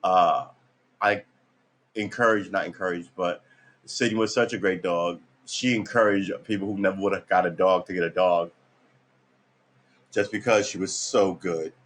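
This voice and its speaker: A man's voice: low-pitched, steady tone, moderate pace, pauses often, fairly bright tone. Tired, laid-back New man. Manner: laid-back, swears casually, trailing fillers. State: tired, just woke up. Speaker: guitar practice streamer. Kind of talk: casual rambling storytelling.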